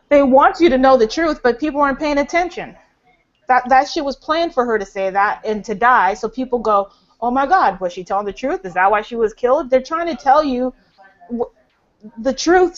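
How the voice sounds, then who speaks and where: Rambling woman ranting on a lo-fi call. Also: sits high. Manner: fast, rambling, many fillers and restarts. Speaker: caller in a group voice chat. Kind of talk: casual conspiracy rant. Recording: dull lo-fi online call audio.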